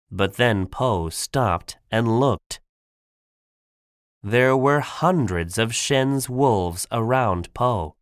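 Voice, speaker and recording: A man narrating a simple graded-reader audiobook for learners, clear and deliberate. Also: mid-range voice, animated, no echo, studio quality.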